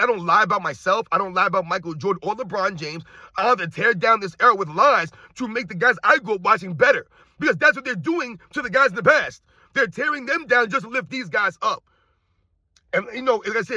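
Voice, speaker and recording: Brief: middle-aged man, loud combative sports rant, bright edge, dry close mic. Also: high-pitched, no room sound, muffled recording. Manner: loud, projecting, animated, combative. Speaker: sports commentary YouTuber.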